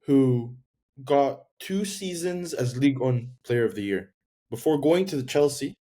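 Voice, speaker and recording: A man's voice: medium pitch, animated, unhurried, mellow. A man pushing back bluntly and dismissively in a casual football debate on a podcast.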